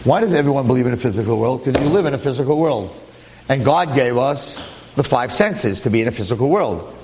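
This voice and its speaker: A man lecturing and telling a story with lively jokes and frequent restarts, speaking to listeners in a room. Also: mid-range voice, a little fast, big-room sound. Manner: animated, repetitive restarts, joking. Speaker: Jewish lecturer.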